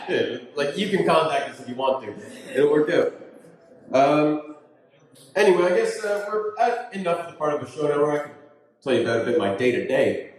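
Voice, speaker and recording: A man's voice: on the high side, big pitch swings, normal speed, pauses often. A man hosting a comedy show, loose and rambling, swearing casually between acts. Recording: echoey hall with long reverb.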